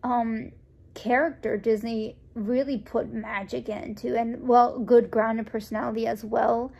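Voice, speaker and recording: A woman's voice: on the high side, a little slow, vocal fry. A young woman raised in the United States, telling a personal story in a casual, rambling way, full of restarts and fillers, and acting out the lines of the people in it. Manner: acts out quoted dialogue in a lively voice. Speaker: vlogger.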